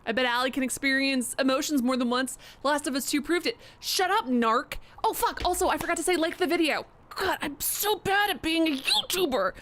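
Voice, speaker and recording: A woman's voice: high voice, fairly quick, hardly any pauses, fairly bright tone. A young woman live-streaming a game, reacting casually with jokes, swearing and playful baby talk.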